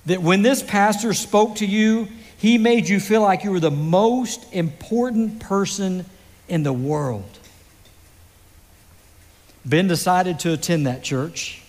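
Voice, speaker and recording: A man preaching a sermon, telling a story slowly and dramatically with pauses. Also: high-pitched, lively intonation, darkish tone, long reverb tail. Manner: slow, dramatic delivery with pauses. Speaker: pastor.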